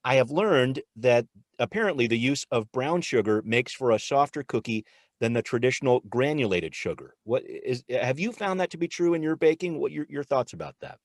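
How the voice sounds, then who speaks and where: A man's voice: medium pitch, animated, moderate pace, no echo, studio quality. A man hosting a local politics podcast, chatting casually and joking while he eats cookies. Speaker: podcast host. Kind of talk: casual chat.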